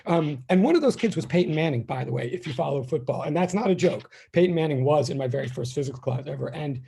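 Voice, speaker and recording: A man's voice: fairly high pitch, expressive, quick pace, vocal fry, dark tone, breathy edge. A man in his fifties, a physics teacher, chatting casually and rambling with his class as students join. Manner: rambling, chatty, self-deprecating.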